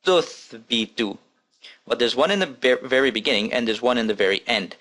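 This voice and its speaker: A man teaching an Arabic lesson, repeating each word slowly and patiently and counting its letters aloud. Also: medium pitch, a bit bright. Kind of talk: recorded language lesson.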